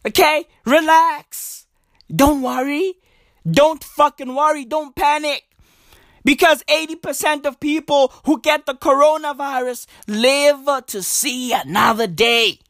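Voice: high-pitched, measured pace, a bit bright, dry recording, studio quality. A stand-up comedian, ranting profanely in a comedy routine and hammering lines through repetition. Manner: profane, ranting, emphatic with repeated catchphrases.

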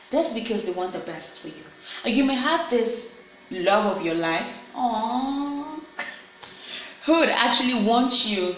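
A woman speaks in an earnest, heartfelt personal monologue. Her voice is bright and sharp. It rings out in a strongly echoing room, with faint noise underneath. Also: medium pitch, muffled recording. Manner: earnest, heartfelt, self-encouraging. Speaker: vlogger. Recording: very echoey room.

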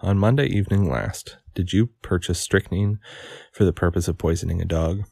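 Stern, dry coroner, low rough voice, read by a man. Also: fairly even intonation, normal speed, warm tone, dry recording, heavily acted.

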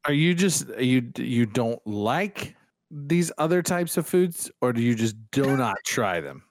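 A man's voice: mid-range voice, lively intonation, measured pace, no room sound. A man hosting a laid-back podcast who keeps asking questions. His voice rises and falls a great deal. It is recorded close and dry. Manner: curious, asks lots of questions. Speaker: podcast host. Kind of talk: casual podcast chat.

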